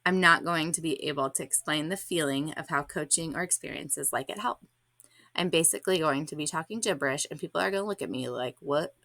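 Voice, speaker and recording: Low-voiced woman reading her blog. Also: gravelly, sharp tone, dry recording. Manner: candid, reflective, slightly awkward. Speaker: podcast host.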